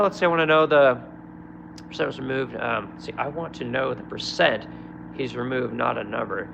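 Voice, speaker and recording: Gravelly, profane man ranting on a phone stream. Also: medium pitch, normal speed, pauses often, bright, forceful tone, slight background noise, poor audio. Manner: swears constantly, blunt and heated. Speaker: live streamer answering chat. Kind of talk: angry profane political rant.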